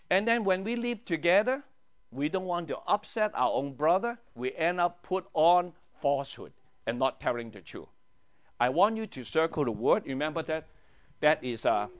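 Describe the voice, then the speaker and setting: This pastor's voice runs on the high side as he leads a Bible study in teaching-sermon style. He's animated, asks his class questions, and lowers to a hush for emphasis.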